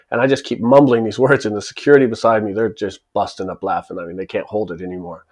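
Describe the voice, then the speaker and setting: A man's voice: on the low side, fairly even intonation, quick pace, few pauses. A man in his forties who tells a personal story in a casual, chatty way and chuckles and acts out the people in it as he goes. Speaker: channel host telling a personal story. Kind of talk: casual spoken anecdote.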